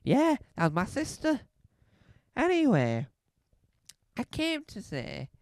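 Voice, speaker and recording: A performer voicing an excitable eighteen-year-old school dinner man who rambles through a story in a comedy sketch. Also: a little high, no echo, pitched above the performer's own voice, exaggerated voice.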